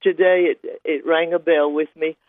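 An older man calling in to a radio show, reminiscing gently and hesitantly. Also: a little high, level tone, moderate pace, no room sound. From Georgia. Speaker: caller. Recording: tinny phone line.

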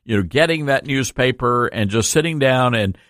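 A man's voice: mid-range voice, expressive, moderate pace, a bit bright, dry recording, studio quality. A man hosting a call-in radio talk show, giving blunt, fired-up opinions.

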